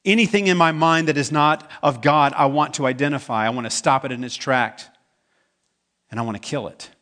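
Delivering a sermon in a conversational style, a male pastor poses questions to the congregation and performs the voices of people quoted in his stories. He speaks a little fast in a medium-pitched, slightly bright voice.

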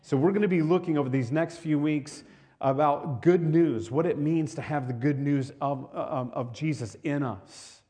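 A man's voice: a little high, normal speed, mellow. A male pastor preaching a sermon to his congregation in a conversational way, often repeating words and asking the listeners questions.

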